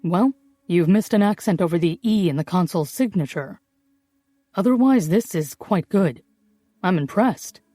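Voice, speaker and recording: A woman voicing a brisk, clever male forger who talks down to people in a dry, condescending way. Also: lowish voice, lively intonation, mellow, no room sound.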